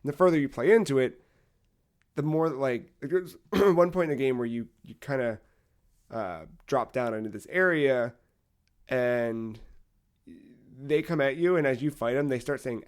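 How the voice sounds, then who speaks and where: A male podcast co-host with a mid-range voice tells a long story at normal speed in casual conversation. He rambles, using lots of fillers and animated retellings.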